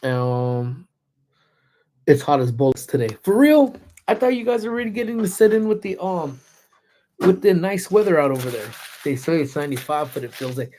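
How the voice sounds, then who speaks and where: A man with a slightly hoarse throat, chatting casually on a livestream, greeting viewers by name and laughing often while parked in his car. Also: fairly high pitch, lively intonation, moderate pace, a little mellow. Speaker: livestreamer who also teaches classes. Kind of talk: casual livestream chat reading viewer comments.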